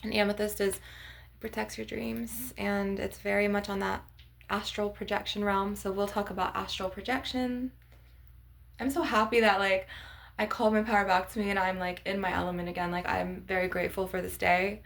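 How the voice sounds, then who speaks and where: A woman's voice: mid-range voice, level tone, normal speed, creaky, fairly bright tone. A young woman vlogging casually to her viewers, rambling with lots of "like" and "you guys" as she shows off her crystals. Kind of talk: casual chat to camera.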